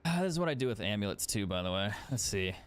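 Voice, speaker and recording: A man's voice: lowish voice, sing-song, fast talker, clear, resonant tone. A young man chatting casually as a game streamer, swearing freely and laughing often. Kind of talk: casual gaming stream commentary.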